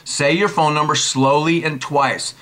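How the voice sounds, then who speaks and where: A man in his forties giving casual sales coaching, brisk and emphatic, repeating his key points. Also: a little high, fairly even intonation, bright, forceful tone. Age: 40s. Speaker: network marketing coach. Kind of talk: casual instructional talk.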